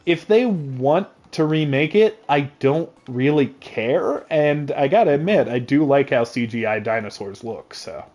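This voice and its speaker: A man chatting casually on a livestream, excitable and joking, rambling from thought to thought at a desk mic. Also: fairly high pitch, a little slow, hardly any pauses. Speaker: streamer.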